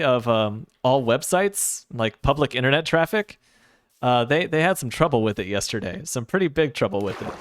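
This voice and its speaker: A man's voice: fairly high pitch, fairly bright tone, no room sound, clean studio sound. A sleepy man streaming a game, chatting casually with his viewers and making rambling, sarcastic asides. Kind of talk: casual chat while gaming, answering chat.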